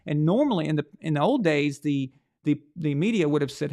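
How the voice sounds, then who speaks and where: A man's voice: a little high, animated, brisk, creaky, mellow. A man hosting a sports reaction show, delivering a blunt, heated rant full of rhetorical questions and profanity. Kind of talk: opinionated sports commentary rant.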